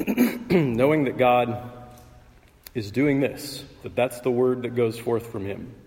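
A male pastor giving a sermon in a measured, conversational way, pausing with fillers and clearing his throat. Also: mid-range voice, lively intonation, darkish tone. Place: church sanctuary. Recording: long reverb of a church hall.

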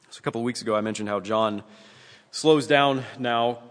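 A man preaching a sermon and reading scripture aloud, earnest and measured, with emphatic rises. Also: mid-range voice, in a large hall. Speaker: pastor.

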